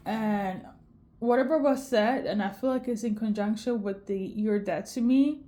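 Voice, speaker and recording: A woman's voice: mid-range voice, measured pace, dark tone. A tearful woman giving an intuitive tarot reading to camera, emotional and tagging "okay?" onto her lines. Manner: emotional, repeats "okay?" often. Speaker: tarot reader.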